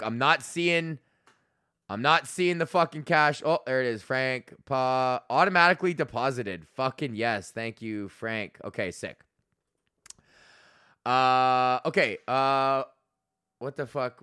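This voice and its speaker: A man's voice: medium pitch, sharp tone, clean tone, dry recording, studio quality. A man hosting a solo podcast, telling road stories in a rambling, profane way with many fillers, from a home setup. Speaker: podcast host and comedian.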